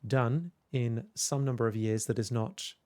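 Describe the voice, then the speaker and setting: A man's voice: mid-range voice, unhurried, a little mellow, no echo. A man hosting a casual livestream, chatting to viewers in a rambling, hesitant way with many fillers. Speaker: livestream host. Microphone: desk microphone with headphones.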